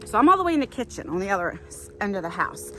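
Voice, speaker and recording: A woman's voice: medium pitch, sing-song, racing, sharp tone, faint music behind. A woman in her forties telling a story in a chatty walk-and-talk vlog outdoors on a nature trail, filming herself on a handheld phone. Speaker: vlogger.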